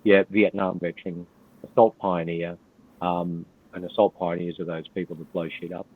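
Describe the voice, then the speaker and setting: An older Australian man tells his story as a guest in a blunt, swearing, easygoing way. His voice sits low and deep. The sound is thin and tinny, like a phone line. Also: little pitch movement, normal speed, husky. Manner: blunt, profane, laid-back storyteller. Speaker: podcast guest, retired police officer. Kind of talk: storytelling in casual interview.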